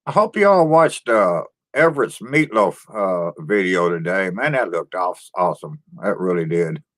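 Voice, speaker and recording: A laid-back man chatting on his own live stream, welcoming viewers by name. His talk is homespun and unhurried, broken by easy sighs as he rambles about his day. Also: deep voice, animated. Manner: homespun rural speech. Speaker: livestream host. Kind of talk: casual live-stream chat greeting viewers.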